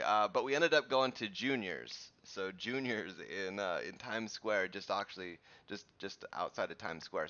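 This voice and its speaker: Chatty man, bright voice, lo-fi stream. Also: on the low side, clear, resonant tone. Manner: chatty, rambling, frequent restarts and fillers. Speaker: host of a live crypto chart show. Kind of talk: casual live-stream chat and chart teaching.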